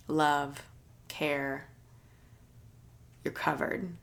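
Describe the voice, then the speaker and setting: A woman with a deep, fry-edged voice speaks as a podcast host, taking her time over each phrase. She talks in an earnest, gentle, reflective way, like a personal monologue, with a light laugh now and then. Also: level tone, takes it slowly, long pauses. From United States. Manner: earnest, soft-spoken storytelling with light laughs.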